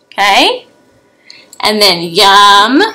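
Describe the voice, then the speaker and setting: A woman's voice: medium pitch, sing-song, extremely slow, bright, forceful tone, poor audio. A young adult woman teacher giving a remote lesson to young children, patient, with frequent rising "okay?" checks.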